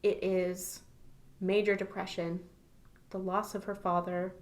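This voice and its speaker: A woman's voice: mid-range voice, flat delivery, a little slow. A woman co-hosting a podcast, talking casually about a book and laughing often. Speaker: podcast co-host.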